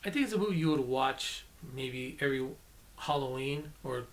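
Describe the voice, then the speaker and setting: A man's voice: medium pitch, expressive, moderate pace. A man giving a casual, rambling movie review, enthusiastic and often correcting himself mid-sentence.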